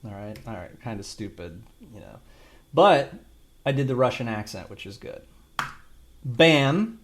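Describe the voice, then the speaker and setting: A man's voice: mid-range voice, very animated, a little slow, slight background noise. A man talking through a screen-recorded tutorial, rambling and thinking aloud with casual swearing. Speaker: video creator demonstrating an AI video tool.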